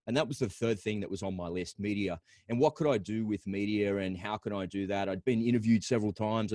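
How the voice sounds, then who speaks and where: A man's voice: on the low side, a little mellow, no echo, clean studio sound. A middle-aged Australian man talks in a reflective, rambling way as a podcast guest, repeating words as he tells his story openly.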